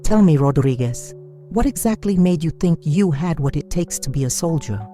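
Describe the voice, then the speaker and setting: A man voicing a harsh, mocking male drill sergeant who barks orders, with soft music behind. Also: fairly high pitch, expressive, moderate pace, close to an everyday voice. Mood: barking, mocking. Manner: barking, scornful.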